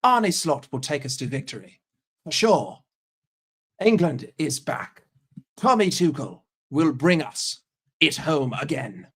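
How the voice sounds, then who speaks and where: A man's voice: on the high side, sing-song, slow, husky, voice pushed down, heavily acted. An American man putting on a mocking, snooty posh British accent. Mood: pompous. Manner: exaggerated snooty mock accent. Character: mock posh British man, pompous and smug.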